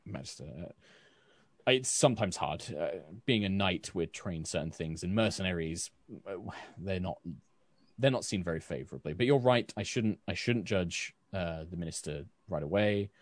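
A man voicing a female knight captain in a tabletop game, earnest and halting. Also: deep voice, animated, dry recording. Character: stern, honor-bound female knight captain.

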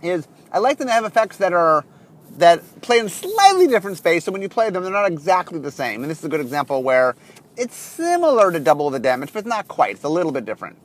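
Animated man talking from his car. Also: sits high, fast. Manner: animated, rambling with many fillers. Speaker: podcast host. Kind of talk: casual monologue while driving.

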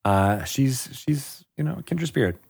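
A middle-aged man co-hosting a gaming podcast in an easygoing way. He talks in halting runs, full of "uh" and "you know". His voice sits at an ordinary pitch, recorded dry and close with no room sound. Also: gravelly, husky, no echo. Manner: relaxed, filler-heavy with frequent "uh". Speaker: podcast host. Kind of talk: casual podcast chat.

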